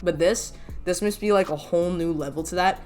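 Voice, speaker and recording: Woman commentary host, deep-voiced, blunt and exasperated, soft music underneath. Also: a little fast. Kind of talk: reaction commentary.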